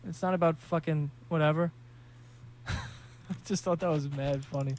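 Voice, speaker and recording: Profane joking New podcast host. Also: male voice, a little high, fairly even intonation, normal speed, darkish tone. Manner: rambling, profane, joking storyteller. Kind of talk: casual podcast chat.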